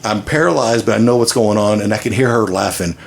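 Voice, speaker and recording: Low-voiced man telling a rambling story. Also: creaky, a little hiss or hum. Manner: rambling with restarts and long pauses. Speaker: podcast guest. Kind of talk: casual storytelling.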